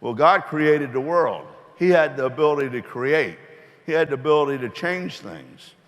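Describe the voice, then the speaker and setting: A middle-aged man talks from the stage in a rambling, folksy way that turns earnest and motivational. His voice sits a touch high for a man. A long reverb from a large hall carries each phrase. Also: expressive, moderate pace, muffled recording. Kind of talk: motivational speech with folksy joke.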